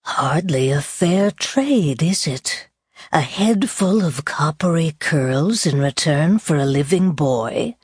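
Woman doing a sneering storybook villain: male, slow, husky, low. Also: lively intonation, a little mellow, no room sound, studio quality, exaggerated voice. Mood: sinister. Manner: slow, hissing, contemptuous. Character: sinister sneering male trader, cruel and scornful.

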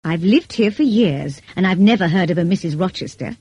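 A woman's voice: lowish voice, expressive, fairly quick, a little mellow, breathy edge, dry recording. A woman reading the lines of a grave, formal male priest in an audiobook, solemn in manner.

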